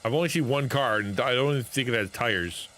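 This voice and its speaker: A man's voice: medium pitch, fairly quick, fairly bright tone, a little hiss or hum. A man streaming a game, giving playful, jokey live commentary and talking to his chat. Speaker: streamer and pastor.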